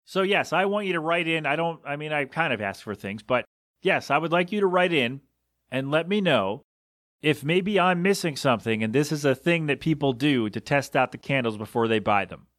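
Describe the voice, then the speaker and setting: A man's voice: on the high side, animated, normal speed, a bit bright, dry recording, clean studio sound. A man hosting a solo podcast from a small windowless room, rambling in an exasperated, incredulous way. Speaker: podcast host. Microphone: home podcast mixer setup.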